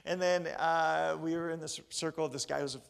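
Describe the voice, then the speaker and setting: A man, preaching a sermon in a casual, joking, animated way. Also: a little high, moderate pace, creaky. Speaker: pastor.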